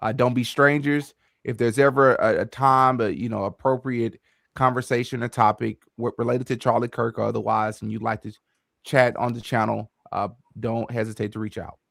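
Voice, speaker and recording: Male podcast host, gravelly, stammery repeats, casual live chat. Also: medium pitch, fairly even intonation, normal speed, a bit bright, no room sound, studio quality.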